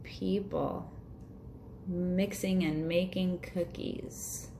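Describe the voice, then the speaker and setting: A woman's voice: lowish voice, steady tone, very slow, gravelly, warm tone, slight background noise. A woman reading a picture book aloud to children, playfully voicing sound effects and chatting about the pictures. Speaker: storyteller for children. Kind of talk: storybook read-aloud.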